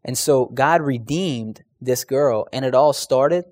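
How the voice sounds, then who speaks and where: A man preaching a conversational sermon, earnest and casual, often pausing with "um" and restarting his sentences as he tells stories and asks the room questions. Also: mid-range voice, darkish tone, dry recording.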